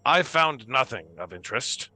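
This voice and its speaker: A man's voice: mid-range voice, lively intonation, normal speed, bright, forceful tone, no room sound, faint music behind. A man voicing a possessed adventurer who speaks with stiff, pompous formality in a tabletop game. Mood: stiff, theatrical. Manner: overly formal, pompous phrasing. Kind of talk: tabletop role-play voice.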